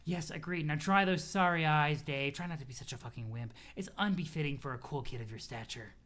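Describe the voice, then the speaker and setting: A reader doing a teasing teenage troll girl who talks in a slow, mock-solemn way. The voice drops low and goes quiet, with a bright edge. It is read aloud for a web comic. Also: lightly acted.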